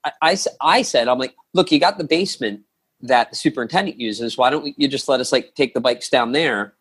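A man's voice: mid-range voice, fairly quick, a bit bright, slightly rough. A man telling a long story as a podcast guest, rambling with many restarts and acting out the quotes. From lives in New York. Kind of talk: casual storytelling.

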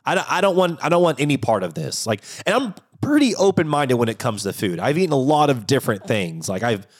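A man co-hosts a podcast in loose conversation, his voice moving a lot in pitch. He laughs easily and swears freely as he talks. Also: sing-song, quick pace. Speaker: podcast co-host. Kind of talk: casual podcast chat.

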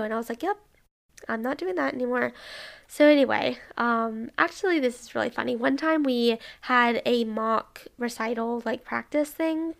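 Young woman, slightly high voice, casual storyteller, animated retelling. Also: normal speed, creaky. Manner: chatty, animated, lots of "like" and quoted dialogue.

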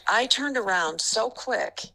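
A middle-aged woman, a basketball referee, telling animated stories in an interview and laughing often. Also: on the high side, slow pace, poor audio. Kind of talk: storytelling interview.

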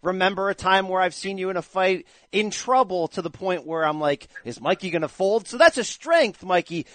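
A man's voice: high-pitched, animated, moderate pace, fairly bright tone, dry recording. A man hosting a sports talk show, asking questions in a playful, hyped-up way. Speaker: podcast host. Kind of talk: casual sports talk and interviewing.

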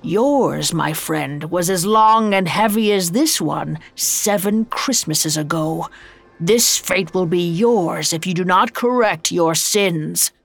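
A woman's voice: lowish voice, slow, gravelly, heavily acted. A woman voicing the grim ghost of an old man bound in chains, speaking solemn warnings in an audio drama reading.

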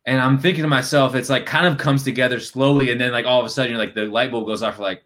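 A male sports reporter in casual podcast talk. He tells his story with energy and slips into other voices to act out quotes. His voice sits at an ordinary middle pitch. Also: fast talker, hardly any pauses. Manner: animated, acts out quotes in shifting voices.

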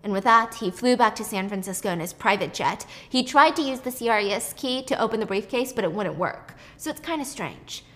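A woman's voice: mid-range voice, animated, fairly bright tone. Chatty young woman retelling a story. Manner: chatty, quick, swears casually.

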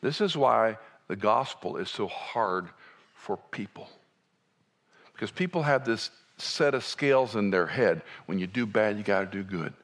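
A man preaching a sermon in a conversational way, dropping to soft asides and rising to emphatic points. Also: fairly low pitch, expressive, a little slow. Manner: conversational, wide swings between soft and emphatic.

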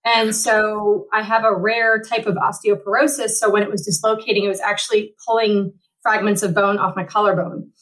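A woman's voice: medium pitch, level tone, normal speed, hardly any pauses, a bit bright, low-quality recording. A woman in her forties, a para-athlete guest telling her story at length in an interview, with a rambling manner and lots of restarts. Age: 40s. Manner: rambling, frequent fillers and restarts. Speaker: Paralympic triathlete guest.

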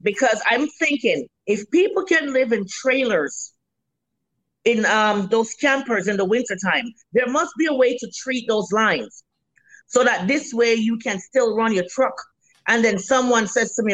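A woman's voice: a little high, a little slow, no echo, poor audio. Woman, Jamaican accent, fifties, restaurant owner, blunt, salty humor, dry sound. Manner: lively storyteller, blunt and salty, acts out what people said. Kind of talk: casual interview chat.

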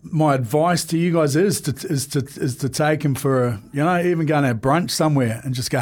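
A man's voice: fairly high pitch, a little fast, hardly any pauses, darkish tone. A man in his forties, a podcast guest, talking candidly and earnestly, with many fillers and restarts. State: emotional at times. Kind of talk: candid conversation.

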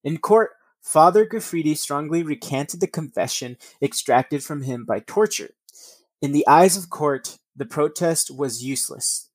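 A man's voice: fairly high pitch, no echo. Casual profane male podcaster, dry sound. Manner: profane, rambling asides between read passages. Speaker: podcast host. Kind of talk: casual storytelling podcast, reading passages aloud.

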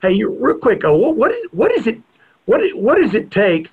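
A man hosting a radio sports show, asking long, halting questions. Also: sits high, sing-song, slightly rough. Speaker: radio host. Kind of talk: casual radio interview. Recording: tinny phone-like radio audio.

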